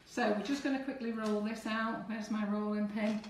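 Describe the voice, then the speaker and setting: A woman's voice: medium pitch, fairly even intonation, moderate pace, far from the mic, slight background noise. A woman teaching cake decorating on a live stream, chatting to viewers as she works through each step. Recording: echoey room, away from the mic.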